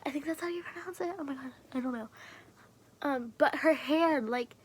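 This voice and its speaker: A woman with a high voice talks loosely to her camera while showing off her fidget toys. She rambles, swears freely and often sinks to a soft whisper mid-sentence. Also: normal speed, no echo. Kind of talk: casual chat to camera.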